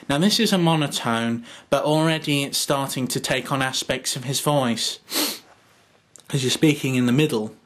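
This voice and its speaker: A man's voice: medium pitch, a bit bright. A man casually explaining a how-to, hesitant and full of ums, modest about his own skill. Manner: hesitant, lots of ums, self-deprecating. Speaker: video tutorial maker.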